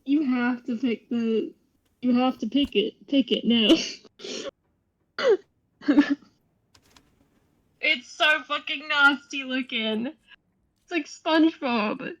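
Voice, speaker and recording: A woman's voice: high-pitched, takes it slowly, long pauses, fairly bright tone, no echo, muffled recording. A woman chatting casually as a friend watching the game, teasing and laughing often. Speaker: co-player friend. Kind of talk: casual chat.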